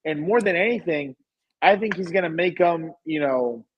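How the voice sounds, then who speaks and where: Emphatic, higher-voiced man on a podcast. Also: lively intonation, moderate pace, lo-fi sound, slight background noise. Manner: opinionated, emphatic, repeats phrases. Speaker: podcast co-host. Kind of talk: casual sports podcast chat.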